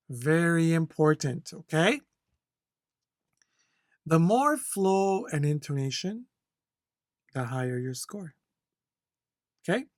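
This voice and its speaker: A language instructor teaching test-takers, talking slowly and clearly and often checking in with "okay?". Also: medium pitch, no room sound, studio quality. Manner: slow, deliberate, repeats "okay?" to check learners. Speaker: CELPIP instructor. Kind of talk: slow, clear teaching to learners.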